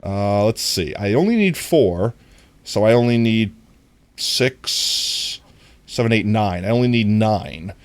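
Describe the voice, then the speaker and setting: A man's voice: on the low side, expressive, slow. A man streaming a game, chatting casually with his viewers, with a somewhat nasal voice. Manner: chatty, talks to viewers while playing. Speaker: livestreamer.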